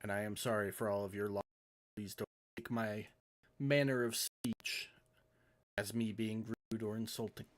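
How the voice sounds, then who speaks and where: A man's voice: a little high, wildly swooping pitch, moderate pace, a bit bright, breathy edge, full character voice. Man playing a cocky cat-like noble, foul-mouthed, theatrical charm, no filter. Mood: suave.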